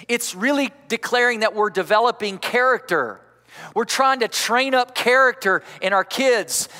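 A high-voiced man preaches with a bright, pushing edge, coaxing his congregation with repeated call-outs. His sermon rings out with a long reverb trailing through a big church sanctuary. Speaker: pastor. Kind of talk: energetic sermon.

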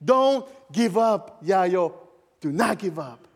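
A man acting out a male pastor friend who urges him, slowly and emphatically, not to give up. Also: high-pitched, expressive, in a large hall, exaggerated voice. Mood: urgent pleading.

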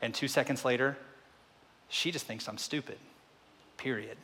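A man's voice: medium pitch, moderate pace, slight background noise. Man preaching in an echoey hall. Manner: swings from hushed to loud, repeated rhetorical questions. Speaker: pastor. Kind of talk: sermon. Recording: reverberant hall.

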